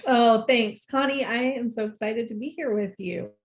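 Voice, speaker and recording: Woman guest explaining clearly. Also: on the high side, normal speed. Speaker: guest, leadership expert. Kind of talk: interview answers.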